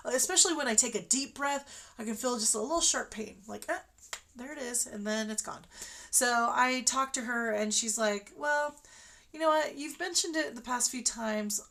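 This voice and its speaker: A woman's voice: a little high, creaky, a bit bright. A woman telling her own story on a livestream in a chatty, rambling way, full of fillers and restarts. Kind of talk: casual personal storytelling.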